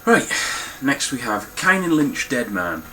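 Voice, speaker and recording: A man's voice: medium pitch, big pitch swings, unhurried, pushed and bright, a little hiss or hum, rough recording. A young man talking casually through his game collection, blunt and swearing freely. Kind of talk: casual spoken collection walkthrough.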